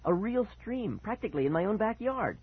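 A man voicing a frightened young boy who pleads and cries out, in a high, strained, husky voice. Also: big pitch swings, fairly quick, no echo, heavily acted. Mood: excited. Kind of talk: audiobook character voice. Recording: tinny phone-like sound.

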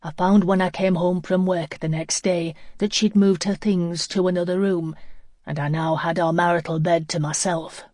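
An audiobook narrator reading a first-person novel in a measured, reflective way. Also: medium pitch, darkish tone, no room sound, clean studio sound.

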